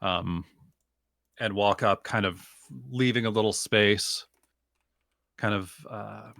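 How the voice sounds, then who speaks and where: A man's voice: lowish voice, fairly even intonation, slow pace, vocal fry, fairly bright tone, no room sound. Man playing a tabletop game, dry sound. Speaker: player. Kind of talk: casual game play.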